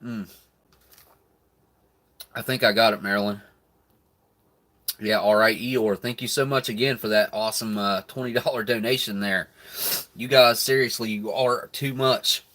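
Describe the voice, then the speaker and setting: A man hosting a relaxed live stream, talking between bites in an easygoing, chuckling way. His voice sits a bit low, and the talk stays casual chat. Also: a little slow, long pauses. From United States. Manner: laid-back, chuckles often, talks between bites. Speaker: live stream host reviewing rations.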